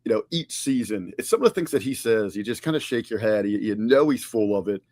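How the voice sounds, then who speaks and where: A man's voice: lowish voice, animated, a little fast, darkish tone, no room sound. A man co-hosting a podcast, reviewing in a casual, conversational way with frequent fillers and restarts. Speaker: podcast co-host.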